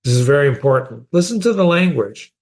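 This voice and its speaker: A man's voice: medium pitch, lively intonation, a little fast, darkish tone. Man explaining a story. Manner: conversational, asks the listener questions. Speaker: literature teacher.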